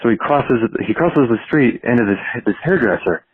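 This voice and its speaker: Husky man rambling a story over the phone. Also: mid-range voice, expressive, no room sound. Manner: halting, many restarts. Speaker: caller. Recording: tinny dry phone voicemail.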